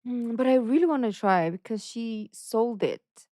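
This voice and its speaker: A woman's voice: a little high, lively intonation, measured pace, mellow, no room sound, studio quality. A woman from the Philippines hosting a reaction channel, musing aloud in a playful, casual way and talking herself in circles.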